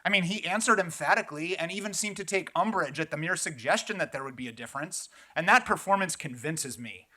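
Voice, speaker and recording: A man's voice: high-pitched, quick pace, few pauses, bright, forceful tone. A man giving a sarcastic, pointed public comment at a police commission meeting.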